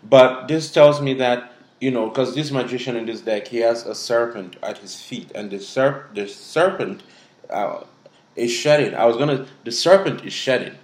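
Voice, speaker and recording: A man from Africa gives a casual tarot reading to his viewers. His voice sits at a middle pitch and has a roomy echo. He talks bluntly, swears freely and scolds. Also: moderate pace. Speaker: tarot reader. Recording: echoey room.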